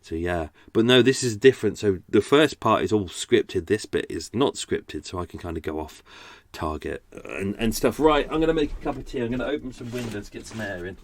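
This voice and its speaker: A man's voice: fairly low pitch, lively intonation, brisk, no echo. A man chatting casually and unscripted as a podcast host, tired and a little out of breath, talking from his boat. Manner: rambling, chatty, self-deprecating.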